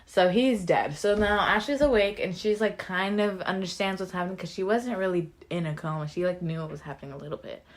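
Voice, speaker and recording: A woman's voice: on the low side, fairly quick, hardly any pauses. A young woman co-hosting a podcast, casually recapping an episode and quoting characters in slangy voices. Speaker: podcast co-host.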